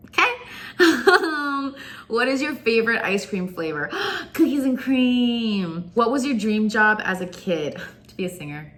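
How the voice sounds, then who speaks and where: A young woman from Florida, a singer, chatting to camera and telling childhood stories in an animated way, laughing often. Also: mid-range voice, moderate pace. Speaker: singer and vlogger. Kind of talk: chatty storytelling.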